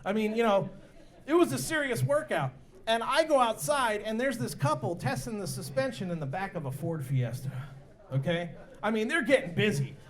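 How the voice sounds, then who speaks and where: A man's voice: sits high, expressive, moderate pace. A middle-aged male stand-up comedian doing a brash, crude set at a bar comedy night on a handheld mic.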